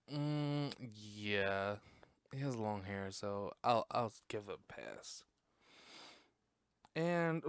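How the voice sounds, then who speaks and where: A man's voice: on the low side, a bit bright, clean tone, no echo, clean studio sound. Chatty, profane young-sounding man recapping. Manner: chatty, profane, laughs often. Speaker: podcast host. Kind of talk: casual movie recap. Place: room at home. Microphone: desk mic close up.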